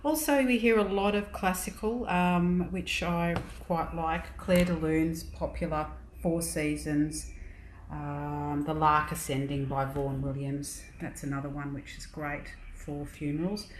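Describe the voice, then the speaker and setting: A woman's voice: sits low, fairly even intonation, unhurried, slight background noise, poor audio. A woman in her forties with an Australian accent, chatting casually as a radio guest, laughing easily and filling with "um". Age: 40s. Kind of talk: casual radio interview chat.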